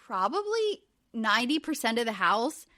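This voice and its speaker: A woman's voice: on the high side, moderate pace, dry recording, studio quality. A woman in her forties, a podcast host, recapping in casual chat with lots of fillers. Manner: chatty, animated, many fillers.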